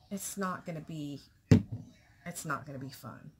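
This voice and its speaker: A woman records a casual vlog at a slow, unhurried pace, her mid-range voice halting and restarting as she speaks candidly about her worries. She sometimes sinks to a soft whisper, and a faint background hiss runs under the recording. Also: sits low. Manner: halting, with many restarts and pauses. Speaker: vlogger.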